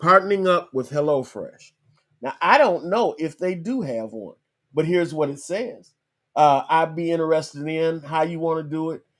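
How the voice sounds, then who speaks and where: A man with a slightly raised pitch hosts his podcast from a computer, talking viewers step by step through a screen-share tutorial. He is chatty and casual, repeats key points, and slows down to spell things out. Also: fairly bright tone. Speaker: podcast host.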